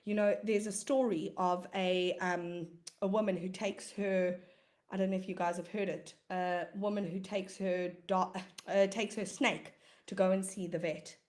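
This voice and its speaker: A woman's voice: mid-range voice, fairly even intonation, unhurried, a little mellow. A woman with a South African accent, giving a motivational talk as a business coach and comedian, emphatic and repeating phrases for weight.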